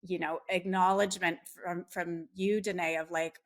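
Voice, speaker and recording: A woman's voice: on the low side, little pitch movement, normal speed. A woman speaking as a podcast guest, talking earnestly with frequent fillers and restarts. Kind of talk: casual conversation.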